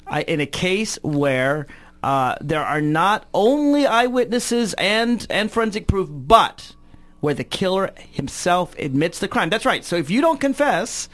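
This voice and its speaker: A man's voice: high-pitched, sing-song, unhurried, fairly bright tone. A man co-hosting a political talk radio show, insistently repeating himself to get his proposal heard. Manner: insistent, keeps repeating himself to hold the floor.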